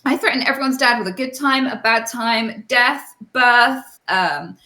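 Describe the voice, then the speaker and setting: A woman's voice: a little high, unhurried, pushed and bright. A British woman from Britain, a guest in a casual interview, cheeky and teasing, heard over a call in an echoey room.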